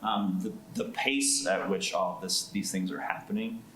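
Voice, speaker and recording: A male home builder on a casual panel, with a very low voice. He talks haltingly and repeats words as he finds his way. The sound is roomy and echoey, with a faint hum behind it. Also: fairly bright tone.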